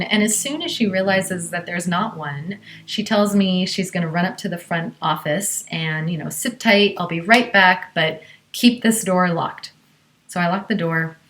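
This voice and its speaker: Woman storyteller from Southern California, conversational and chatty, mid pitch. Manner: conversational, with many fillers. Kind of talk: live personal storytelling.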